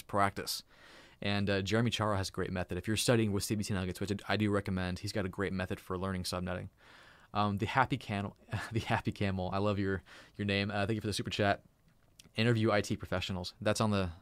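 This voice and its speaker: A man hosting his own live stream, chatting casually and excitedly, often laughing. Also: on the low side, dry recording. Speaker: YouTube live streamer and host.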